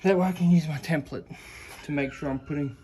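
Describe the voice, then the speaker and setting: Working on a car part in his workshop, an out-of-breath home mechanic keeps up a chatty, self-deprecating commentary. His fairly quick voice sits on the high side and has a warm tone, with slight background noise.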